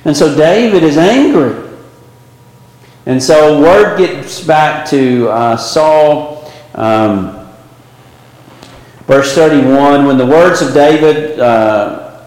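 A man's voice: medium pitch, a little mellow. A man teaching a Bible class, rambling with many fillers and restarts and pushing rhetorical questions up with emphasis. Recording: echoey hall with long reverb.

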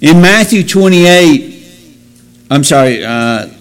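A man with a slightly higher than usual voice teaches from the Bible in an explanatory way. He poses rhetorical questions to his listeners. He corrects himself mid-sentence now and then. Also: expressive, slow, smooth. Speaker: preacher.

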